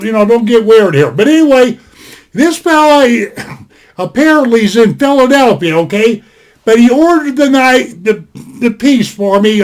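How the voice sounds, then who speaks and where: An older man with a high voice sits at his desk indoors, reviewing a knife casually on a webcam. He rambles in a folksy way, repeats himself, and spells out words.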